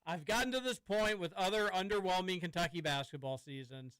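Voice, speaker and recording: A man's voice: high-pitched, a little fast, fairly bright tone, smooth, no room sound, low-quality recording. A man hosting a sports talk radio show from a studio, talking casually and rambling with some stammering. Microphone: studio microphone.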